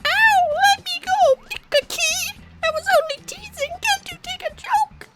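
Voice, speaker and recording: A man putting on a shrill, whiny voice for a cheeky male monkey begging to be let go in a video game. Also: measured pace, loud music behind the voice. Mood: pleading. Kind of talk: let's play commentary.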